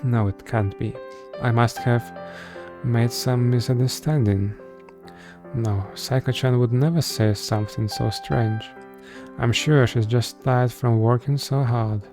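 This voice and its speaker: A man reading the slow inner thoughts of a tired, uneasy young woman office worker, with game music playing behind. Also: mid-range voice, fairly even intonation, close to an everyday voice. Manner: slow, drawn-out inner monologue.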